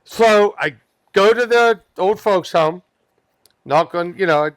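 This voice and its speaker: A pest control worker, guesting on a casual podcast, recounts a funny story about a customer, acting out the quoted voices and laughing often. His voice is high-pitched and slow, with no echo.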